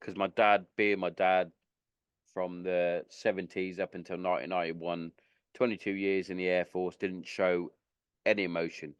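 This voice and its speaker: Low-voiced casual male podcast host. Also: level tone, normal speed, clean tone, no echo, muffled recording. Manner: rambling, candid, swears freely. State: slightly tipsy.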